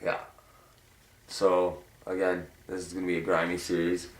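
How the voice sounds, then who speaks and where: A man hosting a casual hockey chat, loud and excitable, swearing freely and laughing often. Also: low voice, moderate pace. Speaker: host of a hockey show. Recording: echoey room.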